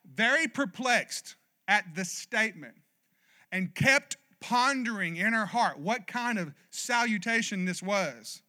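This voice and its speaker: A man's voice: high-pitched, expressive, slow. A man preaching a sermon as pastor, emphatic and passionate, calling for "amen" from his congregation. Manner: builds to loud, passionate exhortation.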